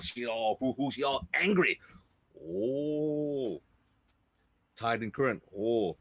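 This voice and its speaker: A man from Hawaii telling island legends with lively sound effects, in a Hawaiian Pidgin accent. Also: lowish voice, breathy edge. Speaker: storyteller. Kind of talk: live storytelling of legends.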